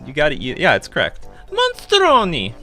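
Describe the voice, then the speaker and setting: A chatty man with a Canadian accent gives casual commentary as he streams a card game. His voice sits a little low but sounds bright and forward. Faint music plays underneath him. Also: expressive, normal speed. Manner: chatty, laughs often, swears casually.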